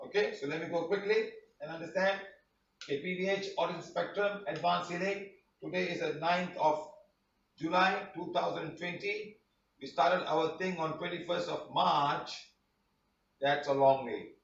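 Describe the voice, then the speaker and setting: A man's voice: a little high, normal speed, slight background noise. Man, healing class teacher, rambling, repetitive, echoey room, distant mic. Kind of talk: online class presentation. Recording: roomy, distant, dull sound.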